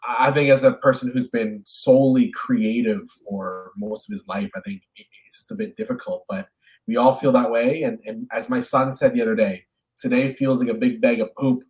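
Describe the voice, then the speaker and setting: Animated man telling stories with a stammer. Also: medium pitch, normal speed, low-quality recording. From Canada. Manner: animated storyteller, acts out voices in anecdotes; stammering restarts when thinking aloud. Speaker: actor and guest. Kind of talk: casual video interview.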